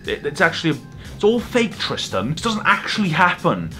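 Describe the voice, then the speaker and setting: A man in his twenties with a Welsh accent, vlogging from a hotel room, swinging from loud shouting to mumbled asides. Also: a little high, wildly swooping pitch, moderate pace, faint music behind. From Wales. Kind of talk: comedic vlog monologue.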